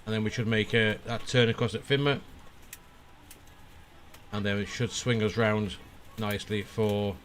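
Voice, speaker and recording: A man streaming a flight simulator, casually talking through his preflight setup and often pausing with "uh" as he thinks aloud. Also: fairly low pitch, slight background noise. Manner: relaxed, thinking aloud with frequent "uh" pauses. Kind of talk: casual live-stream commentary.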